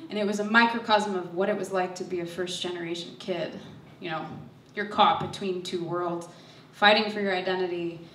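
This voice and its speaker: Young woman, bright voice, nervous, self-mocking stage storyteller, echoey hall, picked up from a distance. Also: lowish voice, steady tone, brisk, hardly any pauses, slight background noise. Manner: nervous, self-deprecating, laughs through her lines. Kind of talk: personal storytelling.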